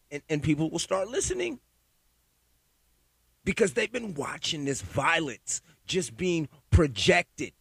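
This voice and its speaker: A man delivers a heated, profane, conspiratorial solo rant, repeating himself as he builds up steam. His high-pitched, husky voice is very animated and fairly bright, and he keeps a measured pace with no room sound.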